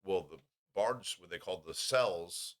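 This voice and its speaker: A man's voice: deep voice, unhurried, fairly bright tone. A man telling profane, rambling anecdotes in a casual podcast chat.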